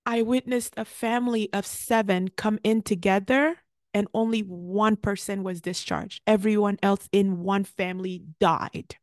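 A woman's voice: fairly high pitch, no echo, studio quality. A woman pharmacist co-hosting a podcast, speaking with passion and emphasis in a casual chat.

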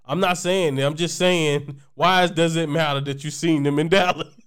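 A man's voice: fairly high pitch, fairly even intonation, normal speed, a bit bright, clear, resonant tone. A man co-hosting a podcast in casual chat, rambling and joking, laughing often. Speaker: podcast co-host.

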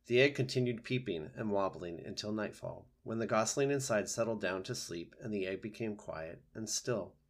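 A man narrates a children's book in a lowish voice. His delivery is steady and gentle. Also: normal speed, few pauses. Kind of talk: reading a children's book aloud.

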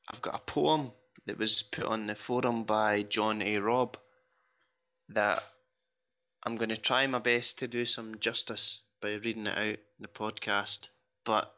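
A man's voice: medium pitch, pushed and bright. A man hosting a football podcast, modest and self-deprecating, reading out a fan's poem. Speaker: podcast host. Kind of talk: casual podcast chat and reading a poem aloud. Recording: dull lo-fi podcast audio.

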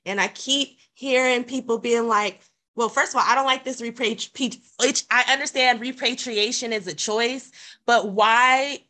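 A woman's voice: a little high, steady tone, moderate pace, bright, forceful tone. An American woman speaking passionately and emphatically in a casual panel discussion. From United States.

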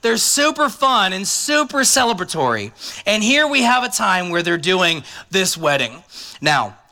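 A male pastor preaching in a relaxed, conversational way, with a high voice that rings very bright and sharp. He keeps the sermon light with joking asides. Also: unhurried.

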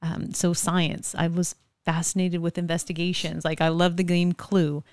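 A woman's voice: lowish voice, little pitch movement, normal speed, darkish tone, clean tone, no room sound. A woman from California telling stories in a casual interview, chatty and quoting others as she goes. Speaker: guest, forensic investigator.

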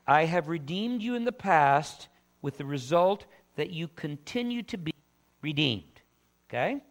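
Slow, emphatic male preacher. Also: a little high, fairly bright tone. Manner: slow, emphatic preaching with drawn-out scripture readings; conversational asides to the congregation. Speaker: pastor. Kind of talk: sermon.

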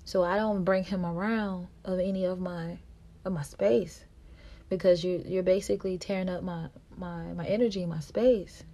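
A woman podcast host, telling a personal story in a monologue and acting out quarrels in a louder, higher voice. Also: fairly even intonation, normal speed. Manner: reenacts quarrels with raised pitch and volume.

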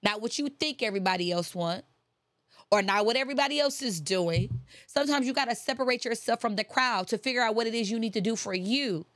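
A woman's voice: on the high side, brisk, fairly bright tone, no room sound, studio quality. A woman giving a faith-based motivational talk, emphatic and repeating her key phrases. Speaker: motivational speaker.

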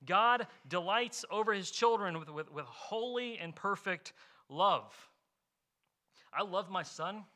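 A man's voice: high voice, sharp tone. A man pastor preaching a sermon in an earnest way, asking rhetorical questions and explaining with homely examples.

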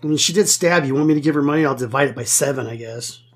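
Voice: medium pitch, rapid-fire, husky, faint music behind. A player chatting casually during a tabletop game, joking and rambling.

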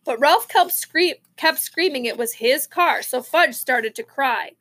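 Woman, high voice, reading a chapter book aloud, lively, the odd restart. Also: measured pace. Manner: expressive, with small slips and restarts. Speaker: reader. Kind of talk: reading a children's novel aloud.

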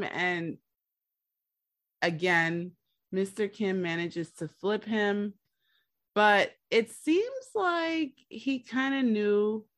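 With a lowish voice in a dry, studio-quality recording, this podcast co-host tells a story while recapping a drama series. Her casual, animated narration includes acting out the people she quotes.

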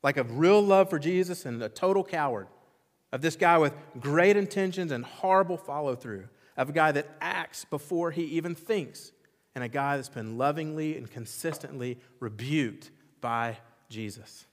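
A pastor preaching a sermon with impassioned, emphatic repetition, swinging between loud exclamations and quiet intensity. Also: male voice, fairly high pitch, moderate pace. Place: church sanctuary. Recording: long reverb of a large church hall.

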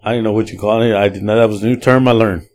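A man hosting a podcast, casually telling a long, profane story in a rambling, animated way. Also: lowish voice, racing. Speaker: podcast host.

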